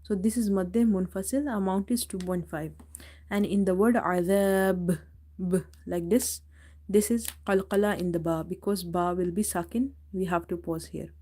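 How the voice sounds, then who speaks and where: A woman leads a live tajweed lesson in a mellow, warm voice. She recites each verse slowly, repeats it, then calmly explains the rule behind it. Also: medium pitch. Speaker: Quran recitation teacher.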